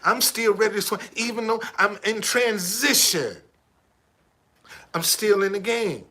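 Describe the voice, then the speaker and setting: A man's voice: high voice, bright, forceful tone, husky. A man in his seventies with a missing tooth, ranting emphatically and swearing often on a live stream. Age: 70s. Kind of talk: profane motivational rant.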